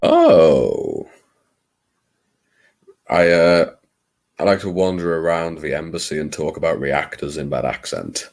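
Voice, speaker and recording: A man's voice: rumbling low, slow, vocal fry, long pauses, a little mellow. A man from Liverpool hosting a late-night live stream, chatting with viewers in a wry, theatrical, self-mocking way and swearing casually. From Liverpool, England.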